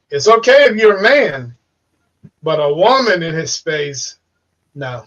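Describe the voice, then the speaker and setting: A man's voice: a little high, big pitch swings, unhurried, a bit bright. A man who investigates haunted places, talking in casual podcast chat, rambling and swearing with repeated words. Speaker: paranormal investigator and podcast guest. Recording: dull distant call audio.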